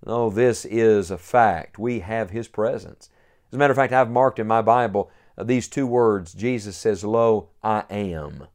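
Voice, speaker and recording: A man's voice: mid-range voice, darkish tone. A man preaching a sermon, earnest and building to emphatic peaks.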